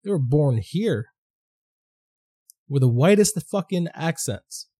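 A man with a mellow, warm voice holds forth as a podcast host, thinking aloud in a loose, rambling monologue. His talk is casual and profane, and he swears freely as he goes. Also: fairly high pitch, animated, slow pace, breathy edge.

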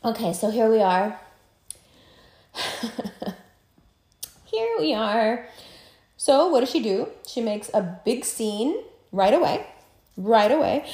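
Woman podcast host, profane ranter, higher voice, roomy echo. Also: slow pace, long pauses. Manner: profane, animated, mocking impressions. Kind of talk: casual ranting commentary. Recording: echoey room.

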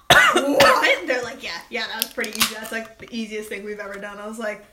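A young woman in casual chat, telling animated stories and acting out what people said, swearing freely. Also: mid-range voice, fast. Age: young adult. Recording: echoey room with faint noise.

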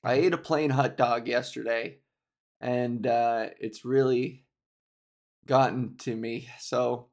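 A man's voice: mid-range voice, steady tone, slow pace. A man, a comedian, rambling through a casual solo podcast monologue in a jokey, self-deprecating way.

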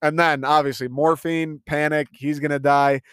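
A man's voice: fairly high pitch, level tone, moderate pace, fairly bright tone, smooth, dry recording, clean studio sound. A young man giving a casual, rambling movie review, swearing often and laughing at his own retellings of scenes.

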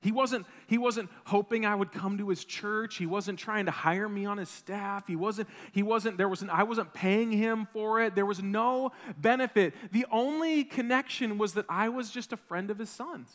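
A man in his thirties from Wisconsin, preaching a sermon as a pastor, telling a personal story in an animated, self-deprecating way with frequent restarts. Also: high-pitched, moderate pace, hardly any pauses. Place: church sanctuary. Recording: long reverb of a church hall.

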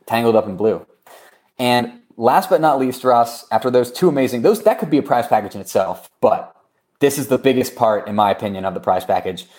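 A man co-hosting a casual podcast, joking around while he reads reviews and runs through shout-outs and giveaways. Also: mid-range voice, animated, fairly quick. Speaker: podcast co-host. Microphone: remote recording.

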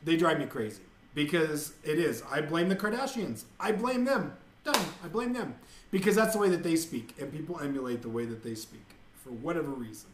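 Exasperated, swearing man with a raised pitch. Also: sing-song, a little fast, few pauses, slight background noise. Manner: profane, exasperated ranting. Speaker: podcast host. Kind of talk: casual ranting monologue. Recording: echoey room.

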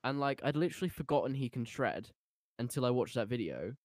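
A man's voice: medium pitch, animated, quick pace, no echo. Guy hosting a music chat, wry jokes, opinionated, dry close sound. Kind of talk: casual music discussion.

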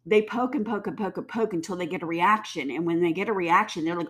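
A woman's voice: on the low side, fast talker, hardly any pauses. A woman giving heated, blunt commentary, swearing freely and mimicking people mockingly. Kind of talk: ranting commentary.

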